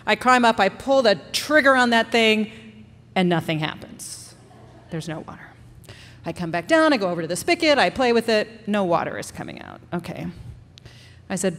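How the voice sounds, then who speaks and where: A woman tells a story from a live stage, her voice lively and expressive, rising in pitch as feeling takes over. The sound carries a long hall reverb around her words. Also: moderate pace. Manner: animated, building to emotional outbursts.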